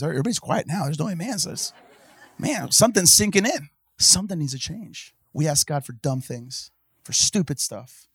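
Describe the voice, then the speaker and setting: A man preaching a sermon in church, swinging from hushed talk to impassioned shouting and calling out to the congregation. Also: a little high, no echo, clean studio sound. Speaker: pastor.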